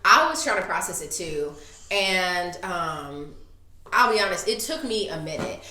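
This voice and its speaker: A woman in her thirties telling a story in casual chat, animated and acting out the voices she quotes. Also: fairly low pitch, a little slow. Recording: echoey room.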